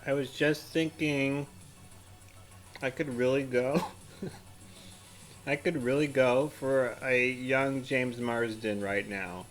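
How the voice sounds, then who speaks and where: A man's voice: medium pitch, fairly even intonation, slow pace, pauses often, soft background music. A man eating chili as he scrolls his feed, rambling, giggling and trailing off mid-sentence. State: eyes watering from spicy food. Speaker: vlogger. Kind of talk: casual commentary while eating.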